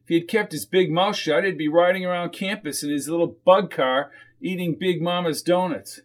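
A man's voice: high voice, moderate pace, lightly acted. A man voicing a weary, dry-humored small-town football coach in an audiobook.

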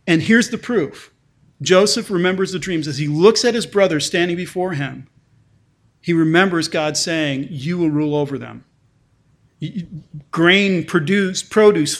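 A male pastor whose voice sits high preaches a conversational sermon. He often restarts and repeats words, giving scripture passages a lifted emphasis as he reads them aloud.

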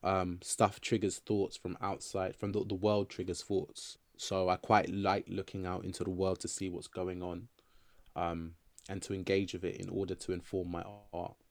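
A man's voice: low voice, completely flat delivery, moderate pace, no room sound. A young adult man from England, a writer and actor talking casually in an interview, loose and rambling with many fillers and restarts.

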